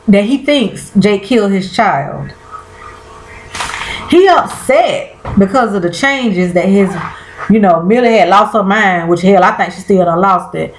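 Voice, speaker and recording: A woman casually recapping a TV episode, chatty and colloquial, talking straight to her viewers and often trailing off and restarting. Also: mid-range voice. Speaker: TV show recapper. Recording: roomy echo.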